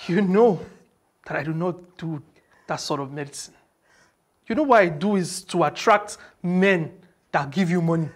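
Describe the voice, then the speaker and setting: An actress playing a calm, stern charm healer who speaks in a measured, firm way. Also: female voice, lowish voice, lightly acted.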